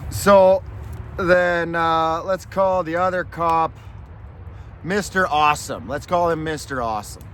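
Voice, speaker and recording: A man's voice: fairly high pitch, unhurried, fairly bright tone. Angry rambling man, faint traffic behind. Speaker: vlogger. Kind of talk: casual storytelling.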